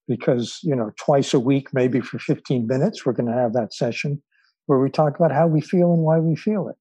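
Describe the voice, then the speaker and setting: A man, an author and guest, telling stories in an interview in a measured way with frequent fillers. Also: mid-range voice, warm tone, breathy edge, no room sound, rough recording. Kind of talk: storytelling in an interview.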